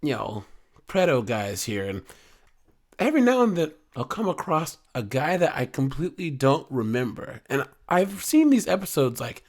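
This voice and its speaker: A man in the middle of his range talks through a case in a relaxed, off-the-cuff way. His delivery wanders, with frequent fillers and restarts as he recaps what he has read. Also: mid-range voice, normal speed. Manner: rambling, loose, full of fillers. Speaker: true crime commentary host. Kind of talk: casual commentary.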